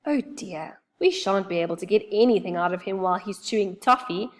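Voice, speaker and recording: A woman voicing a sensible young girl who speaks gently and sounds a little worried, reading a storybook. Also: medium pitch, a little fast, close to an everyday voice. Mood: gentle.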